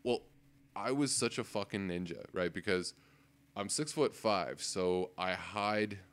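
A man's voice: sits low, unhurried, clean tone. A man on a podcast telling a casual story, swearing often and laughing as he goes. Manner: profane, laughing, animated storyteller. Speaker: podcast co-host. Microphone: desk microphone.

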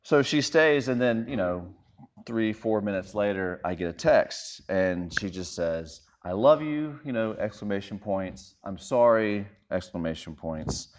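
A man's voice: deep voice, unhurried. A man in his thirties, a pastor preaching a sermon in a conversational, self-deprecating storytelling way.

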